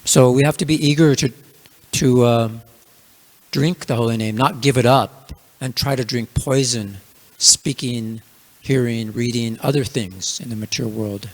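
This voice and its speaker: A man's voice: mid-range voice, steady tone, measured pace. A man teaching a scripture class in a casual storytelling manner, with many fillers. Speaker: religious class speaker.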